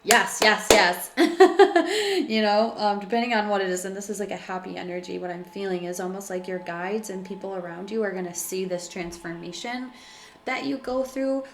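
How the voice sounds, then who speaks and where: Female tarot reader, casual and emotive, lower pitch, roomy home recording. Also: steady tone, moderate pace, a little hiss or hum. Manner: chatty, filler-heavy, emotional and laughing. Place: room at home by a window.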